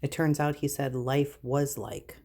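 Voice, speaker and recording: A woman's voice: extremely low pitch, a little slow. A woman vlogging casually, reading items aloud and reacting with exasperated disbelief. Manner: incredulous, exasperated, animated reactions.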